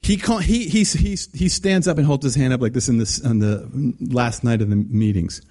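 A man preaching a sermon, telling a story in an animated, emphatic way with frequent restarts. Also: medium pitch, normal speed.

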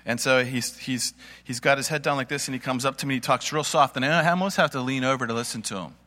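A man gives an informal sermon in a church, his voice bright and forward. He tells his story in a loose, folksy, conversational way. A long reverb hangs after his words, as if he is in a large hall. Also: mid-range voice, fast. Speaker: church speaker. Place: church meeting space with audience.

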